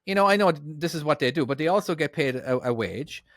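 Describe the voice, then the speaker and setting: A man's voice: a little high, lively intonation, fairly quick, dry recording. A man co-hosting a trucking podcast, talking in an easygoing, chatty way with lots of fillers. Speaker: podcast co-host, truck driver. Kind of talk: casual podcast chat.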